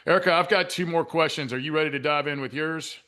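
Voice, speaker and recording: A man hosts a live interview, his voice bright and forceful. He gives short approving replies and moves the show briskly along to the next segment. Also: on the high side. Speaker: interview host.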